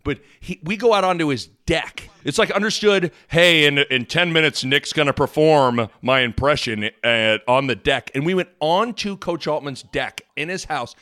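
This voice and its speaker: A man co-hosting a casual podcast, telling rambling, animated stories. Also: on the high side, moderate pace, hardly any pauses. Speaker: podcast co-host and impressionist.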